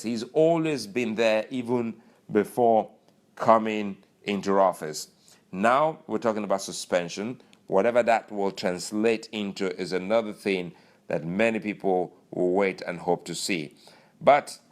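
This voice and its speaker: A man giving political commentary, musing along with many uhs and you knows. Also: low-pitched.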